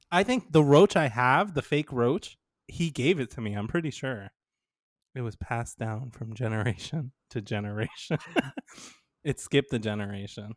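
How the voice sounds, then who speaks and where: Unhurried and mid-range, his voice comes through at studio quality without any echo. He's a podcast co-host in easygoing chat, an animated storyteller who laughs frequently and acts out what people said.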